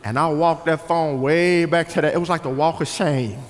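A man, preaching an animated storytelling sermon to his congregation. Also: on the high side, moderate pace, slight background noise. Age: 40s. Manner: animated, acts out quotes, speaks to the crowd. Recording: hall reverb.

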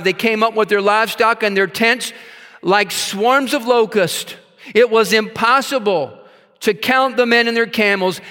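Guy preaching in a big hall, high clear voice, lots of reverb, leans hard on key words. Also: pushed and bright. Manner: emphatic, reads scripture aloud with asides. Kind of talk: sermon.

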